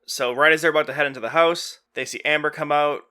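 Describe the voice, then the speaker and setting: A man's voice: on the high side, steady tone, fast talker, pushed and bright, clean tone. A man hosting a podcast, casually retelling a film scene by scene and quoting the characters in his own voice, with lots of "you know" and "like". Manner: heavy use of fillers like "you know" and "like". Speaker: podcast host. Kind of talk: casual movie recap.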